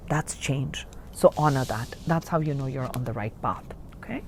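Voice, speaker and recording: A woman giving a general spiritual reading to her viewers, chatty and rambling, who often checks in with "okay?" and moves between hushed and excited moments. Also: a bass voice, normal speed, slight background noise. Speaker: spiritual card reader.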